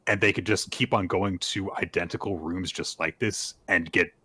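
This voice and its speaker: A man's voice: deep voice, steady tone, sharp tone, breathy edge. A man hosting a podcast, casually recapping a manga chapter in a rambling way, with fillers and the odd swear. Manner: rambling retelling with fillers and profanity; plays characters' lines in quick put-on voices. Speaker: podcast host.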